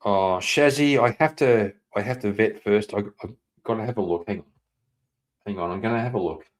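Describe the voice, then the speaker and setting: A man streaming live, chatting casually and reading out viewer messages. He rambles, swears, laughs often and breaks into sudden loud, excited outbursts. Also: fairly low pitch, moderate pace. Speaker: livestreamer.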